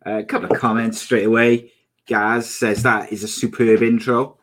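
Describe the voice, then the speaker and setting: A man's voice: medium pitch, flat delivery, moderate pace, fairly bright tone. A young man hosting a casual live podcast, upbeat and chatty as he reads out viewer comments. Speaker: podcast host.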